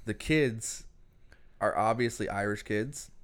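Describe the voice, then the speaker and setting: A man co-hosting a podcast, chatting about a horror film in an animated, jokey way. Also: lowish voice, slow pace. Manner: animated, jokey, mimics characters. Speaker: podcast co-host. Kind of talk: casual movie review chat.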